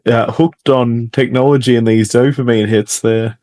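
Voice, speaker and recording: A man hosting a podcast interview who talks in a halting way, restarting his sentences often. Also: mid-range voice, steady tone. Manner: halting, many restarts and fillers, warm agreement. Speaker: podcast host. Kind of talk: interviewer in casual chat.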